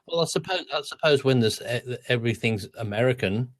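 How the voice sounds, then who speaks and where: A man's voice: medium pitch, expressive, fairly quick, no room sound. Australian man in casual chat. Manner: chatty, repeats words when starting. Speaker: podcast co-host.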